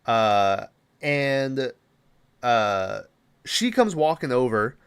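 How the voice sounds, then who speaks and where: A young man hosting a podcast, talking through a film's plot in loose, casual chat. He rambles with plenty of filler words and drops the odd curse. His voice sits at an ordinary middle pitch. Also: expressive, extremely slow, clear, resonant tone. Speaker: podcast host. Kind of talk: casual movie recap.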